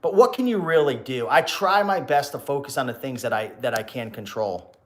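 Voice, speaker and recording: With a medium-pitched, slightly bright voice and lively intonation, a man speaks fairly quickly as a reseller YouTuber hosting a casual livestream. He preaches to viewers, firing rhetorical questions and restarting his words.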